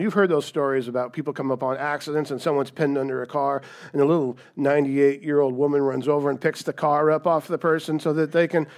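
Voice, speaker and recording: Conversational male pastor preaching. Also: fairly high pitch. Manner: conversational, animated storytelling, frequent "right?". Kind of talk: sermon.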